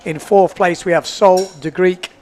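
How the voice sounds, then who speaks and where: A man's voice: high-pitched, fairly even intonation, measured pace, a little mellow, a little hiss or hum. A man commentating live at a sports event, chatty and upbeat, often repeating himself as he thinks aloud. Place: indoors at a beachside event.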